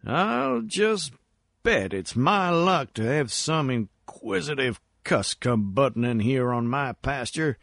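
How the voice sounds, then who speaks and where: A man's voice: high voice, lively intonation, measured pace, no echo, clean studio sound, pitched above the performer's own voice. A man doing a folksy old gold prospector. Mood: mumbling. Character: lone grizzled male gold prospector talking to himself.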